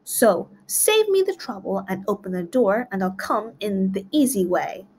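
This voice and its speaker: A woman's voice: mid-range voice, big pitch swings, normal speed, a little mellow, slight background noise, lightly acted. A woman playing a sly greedy wolf. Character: sly greedy big bad male wolf. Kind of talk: storybook read-aloud.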